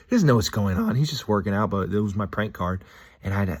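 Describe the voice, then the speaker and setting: Deep voiced guy rambling in a chill vlog at the gym, lots of ums, upbeat. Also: lively intonation, husky. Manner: rambling and upbeat, with frequent "um" pauses. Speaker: vlogger. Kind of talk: casual reflective monologue.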